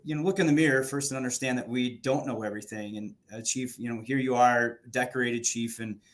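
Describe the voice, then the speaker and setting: Male interview host, measured and appreciative, medium pitch. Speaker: podcast host.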